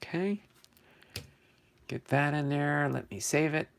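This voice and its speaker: An older man from New Jersey hosts a casual live stream for a sports card channel, chatting loosely, thinking aloud, and correcting himself as he goes. His voice is fairly high-pitched, gravelly, and a bit bright, and he speaks at a slow pace.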